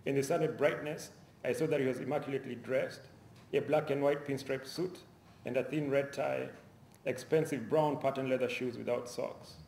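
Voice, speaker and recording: A man reading aloud from his own novel at a university event, in a measured way with small restarts. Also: medium pitch, fairly even intonation, gravelly, darkish tone, a little hiss or hum. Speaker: author reading his fiction. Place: university lecture hall. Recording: roomy lecture hall, faint ambience.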